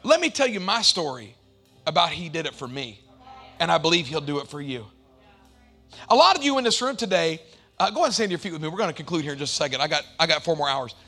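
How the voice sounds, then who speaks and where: A middle-aged male pastor preaching a sermon, moving from shouted, sing-song climaxes to relaxed, chatty storytelling with acted-out quotes. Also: fairly high pitch, quick pace, soft background music.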